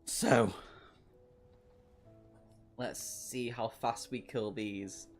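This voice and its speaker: A man's voice: medium pitch, steady tone, extremely slow, soft background music. A man streaming a gamebook playthrough, reading aloud and chatting with viewers, laughing often. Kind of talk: live-stream reading and chat.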